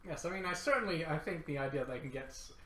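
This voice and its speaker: A man's voice: a little high, lively intonation, fast, bright, forceful tone. A man hosting a casual gaming chat, thoughtful and hedging, with many fillers. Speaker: podcast host steering discussion. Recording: echoey room with faint noise.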